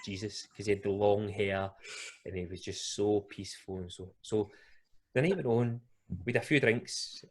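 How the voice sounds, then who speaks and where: A young Scottish man telling a long funny story on a podcast, rambling, animated and laughing often. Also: fairly low pitch. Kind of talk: casual storytelling.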